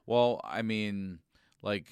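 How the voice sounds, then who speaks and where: A man talks in a dry, close studio sound, his lowish voice bright and smooth. He tells blunt, profane stories and laughs often. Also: very slow, no room sound. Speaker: comedian and podcast host. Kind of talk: casual podcast chat. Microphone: studio mic.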